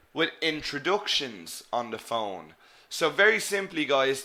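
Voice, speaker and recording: Male English teacher, bright clear tone, slow deliberate delivery for learners. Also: mid-range voice. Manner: slow, deliberate teaching with repeated example words. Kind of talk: online business English lesson.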